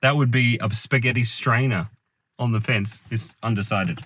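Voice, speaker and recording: A man's voice: medium pitch, normal speed, a bit bright, slightly rough. A man in his thirties, chatting in a playful, rambling, giggly way from a parked car, recorded without a proper microphone. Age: 30s. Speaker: vlogger. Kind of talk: rambling comic vlog chat. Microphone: built-in camera mic, no microphone.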